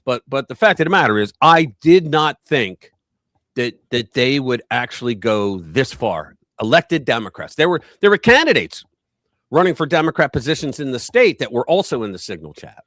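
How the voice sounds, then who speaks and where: A man hosting a casual political live stream, talking in an animated, rambling way and acting out quotes in a raised voice. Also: mid-range voice, normal speed, no room sound.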